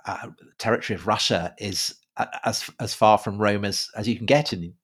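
A man co-hosting a podcast in a casual conversational style, halting often with fillers and repeated words. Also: on the low side, fairly bright tone, husky. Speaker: podcast co-host. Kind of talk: casual conversational history chat.

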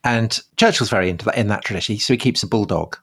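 A man's voice: lowish voice, quick pace, a bit bright, husky. Wry man in history chat. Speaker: podcast co-host. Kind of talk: history discussion.

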